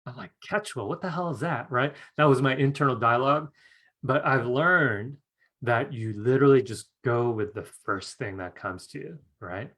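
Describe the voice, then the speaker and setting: A man's voice: mid-range voice, moderate pace, fairly bright tone. A man teaching a live online class in a chatty way, often asking "right?" and laughing as he tells a story. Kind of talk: casual live-stream teaching with a told anecdote.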